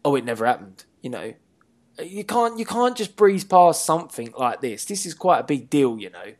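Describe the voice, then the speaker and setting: A man's voice: fairly high pitch, sing-song, normal speed. A man hosts a wrestling talk show in easygoing chat. His voice swings widely up and down as he teases his co-host, laughs often, and lets sentences trail off before he picks them up again. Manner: playful and teasing, laughs often, wanders mid-sentence. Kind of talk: casual chat.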